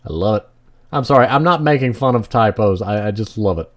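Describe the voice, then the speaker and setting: A man's voice: on the low side, expressive, a little fast. Man making wry let's play jokes. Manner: wry, joking asides to the game.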